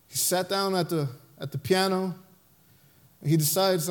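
A man's voice: sits high, measured pace, pauses often. A male pastor preaching a sermon and telling a story, with emphatic, impassioned delivery.

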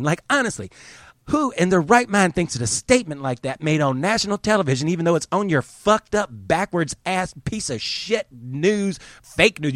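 A man's voice: on the high side, a bit bright, no room sound, clean studio sound. A man hosting a show, ranting in a heated, profane, exasperated way. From United States. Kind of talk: angry opinion rant.

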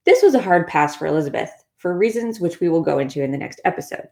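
Wry, lower-voiced woman telling history. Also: very animated, fast talker, darkish tone. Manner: wry, sarcastic asides. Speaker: history podcast host. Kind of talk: casual scripted history narration.

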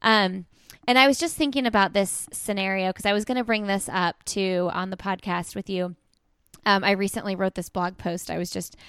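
A woman in her thirties hosting a podcast, chatting candidly about her children, often halting and restarting as she tells her story. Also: medium pitch, fairly bright tone, clean tone, no echo. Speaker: podcast host. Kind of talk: casual chat.

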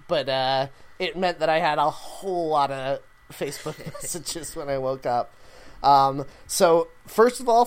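A man co-hosting a casual chat, talking with many fillers and laughing easily. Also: on the high side. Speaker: podcast co-host.

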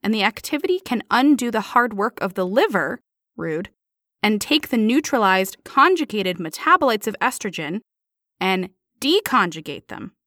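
A woman's voice: mid-range voice, big pitch swings, moderate pace, a bit bright, dry recording, studio quality. A woman co-hosting a playful health podcast, explaining science and laughing often. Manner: giggly, explains science with jokes. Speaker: podcast co-host.

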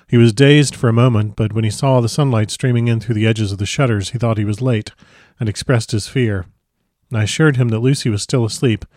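A man narrating a classic novel as an audiobook, with a measured, expressive reading. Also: lowish voice, no echo, clean studio sound.

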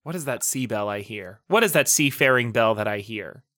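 A man's voice: mid-range voice, expressive, normal speed, bright, forceful tone, no echo, clean studio sound. A man co-hosting a podcast in casual chat, joking and laughing, often acting out comic characters' lines. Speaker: podcast co-host.

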